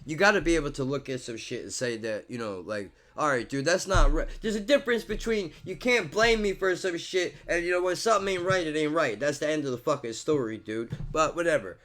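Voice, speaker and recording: Man, ranting vlogger: profane, heated, bro-and-dude talk, pitched a bit high, jumps from mumbles to shouts. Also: animated, fairly quick, hardly any pauses. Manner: swings from muttering low to loud outbursts. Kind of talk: ranting monologue to camera.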